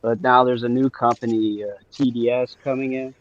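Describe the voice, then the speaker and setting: A man's voice: mid-range voice, level tone, brisk, lo-fi sound. A man from Eastern Washington chatting casually on a livestream, easygoing and sarcastic, often trailing off and restarting. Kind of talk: casual chat.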